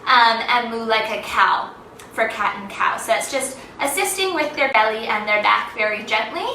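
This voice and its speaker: A woman's voice: a little high, lively intonation, moderate pace, sharp tone, roomy sound, recorded from a distance, a little hiss or hum, low-quality recording. A young woman leading a children's yoga lesson, playful and sing-song, making animal sounds as she teaches.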